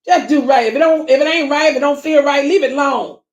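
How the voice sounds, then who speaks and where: A woman's voice: sits high, fairly even intonation, quick pace, reverberant, dull audio. A woman with a Southern US accent, talking to her viewers in casual commentary, emphatic and preachy, repeating her points and calling them family. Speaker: YouTube channel host.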